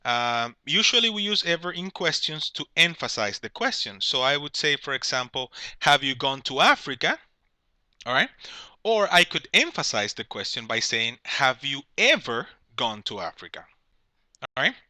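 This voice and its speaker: A man's voice: fairly high pitch, sing-song, normal speed, sharp tone, no room sound. A man teaching an English grammar lesson, explaining patiently, checking in with "all right?" and correcting himself as he goes. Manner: corrects himself mid-sentence.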